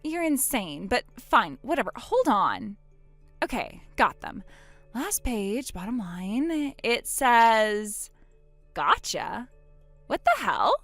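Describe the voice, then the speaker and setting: A woman's voice: on the high side, big pitch swings, slow pace, fairly bright tone, no echo, faint music behind, exaggerated voice. A woman voicing a boastful, spiteful young woman who mocks her sister in a text-story drama. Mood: shocked. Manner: smug, mocking, gloating.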